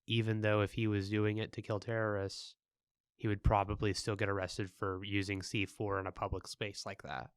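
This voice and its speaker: A man's voice: lowish voice, flat delivery, normal speed, clear, resonant tone, dry recording, clean studio sound. A young man co-hosting a podcast, laid-back and joking, with the odd crude aside. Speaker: podcast co-host. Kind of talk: casual chat.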